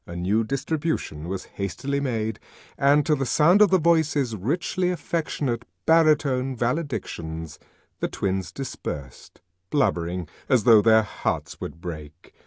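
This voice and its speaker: A man narrates an audiobook with a dramatic reading, his pitch rising and falling a lot. He takes it slowly and deliberately. The sound is dry and close. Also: lively intonation, darkish tone, no room sound. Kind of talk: scripted narration.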